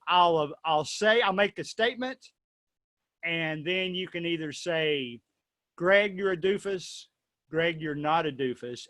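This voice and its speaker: Playful higher-voiced man hosting a discussion. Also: a bit bright, dry recording. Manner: playful, rambling with restarts. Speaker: host. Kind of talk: casual discussion.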